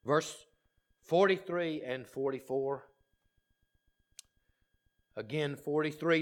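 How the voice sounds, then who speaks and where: A man preaching with a high, bright voice, stretching out his words slowly. He drives his points home by repeating them and shifts between booming declarations and quiet, intimate asides. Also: expressive. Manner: impassioned and emphatic, repeating key phrases; swings from loud declarations to hushed asides. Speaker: pastor. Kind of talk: sermon.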